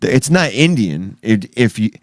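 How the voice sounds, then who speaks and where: A man's voice: on the low side, sing-song, measured pace, no echo, clean studio sound. A man co-hosting a casual chat show, joking, crude and teasing. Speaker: show host.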